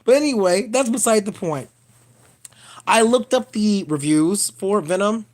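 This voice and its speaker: A man ranting casually on a live stream, animated and profane, calling his viewers y'all. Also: high voice, measured pace. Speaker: vlogger.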